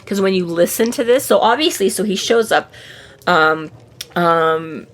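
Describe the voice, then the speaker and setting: A woman's voice: fairly low pitch, animated, a little slow. A woman co-hosting a podcast in casual, rambling chat, talking animatedly, laughing often and swearing freely. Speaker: podcast co-host. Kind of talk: casual rambling book discussion.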